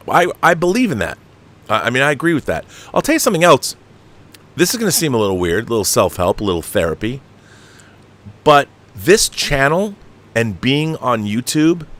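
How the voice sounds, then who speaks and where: A middle-aged man with a voice on the low side hosts a casual live stream, reading viewer chats aloud. He reacts animatedly, restarting often, laughing, and swearing when something annoys him.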